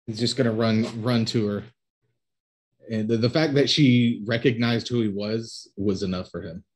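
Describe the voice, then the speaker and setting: A man's voice: mid-range voice, steady tone, moderate pace, low-quality recording. A man playing a tabletop game, speaking hesitantly and stammering as he describes his character's moves. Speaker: player. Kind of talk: casual tabletop play.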